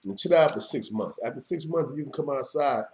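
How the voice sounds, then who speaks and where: A man's voice: mid-range voice, animated, a little fast, a little mellow. A middle-aged man, hosting his own show and talking off the cuff in a streetwise, emphatic way, often asking "you know what I mean". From New York. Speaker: show host. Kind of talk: unscripted monologue to camera.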